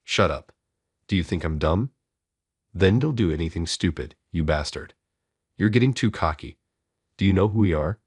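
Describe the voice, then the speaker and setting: A man's voice: low voice, animated, moderate pace, pauses often, breathy edge, no room sound, exaggerated voice. A man voicing a group of rude young male thugs, taunting and insulting.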